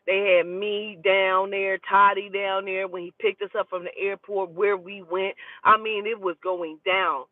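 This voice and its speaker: A woman's voice: mid-range voice, measured pace, hardly any pauses, no room sound. Profane storytelling woman, tinny sound. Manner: profane, animated, talking to herself aloud. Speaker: spiritual reader. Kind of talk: casual storytelling. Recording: tinny phone-like dry audio.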